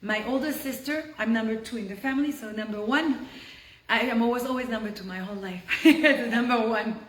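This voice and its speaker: Animated high-voiced woman telling stories. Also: a little fast. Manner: lively, acts out quoted voices, frequent "like" fillers. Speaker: storyteller guest. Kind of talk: animated personal storytelling. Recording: echoey room with faint noise.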